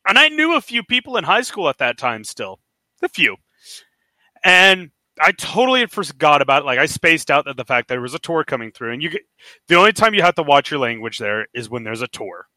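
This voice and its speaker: A man's voice: fairly high pitch, big pitch swings, a little fast, pushed and bright, no echo. A young man co-hosting a podcast, telling rambling, profane stories in casual banter. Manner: rambling storyteller, loose and profane. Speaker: podcast co-host.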